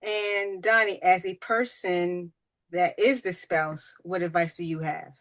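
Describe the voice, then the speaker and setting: A woman interviewer asking measured questions in a slow, deliberate way. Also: on the low side, steady tone, a bit bright.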